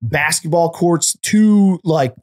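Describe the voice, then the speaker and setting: A man telling an animated, profane story on a casual comedy podcast. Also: a little high, slow pace. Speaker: comedian podcast co-host or guest.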